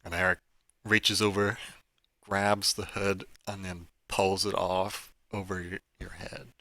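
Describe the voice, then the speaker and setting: A man's voice: low-pitched, little pitch movement, slow, pushed and bright, no room sound. A man narrating a tabletop game as dungeon master, casual and full of fillers. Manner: casual, with many fillers like "like" and "kinda".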